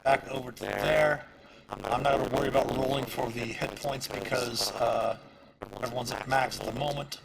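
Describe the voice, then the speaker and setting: A man's voice: medium pitch, moderate pace, gravelly, heavy background noise. A man narrating as game master in casual, filler-heavy speech. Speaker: dungeon master.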